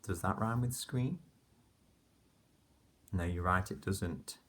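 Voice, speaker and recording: A deep-voiced male teacher takes his time, drawing out each letter sound as he walks little ones through a rhyming lesson. His voice is low and slightly husky, gentle and unhurried, with warm praise between the words. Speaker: primary school teacher. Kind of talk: phonics lesson for young children.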